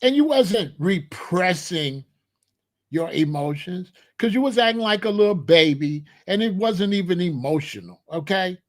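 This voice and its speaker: Emphatic higher-pitched man with AAVE. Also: lively intonation, measured pace. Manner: emphatic, rhetorical, repeats points. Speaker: commentary host. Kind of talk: casual spoken commentary.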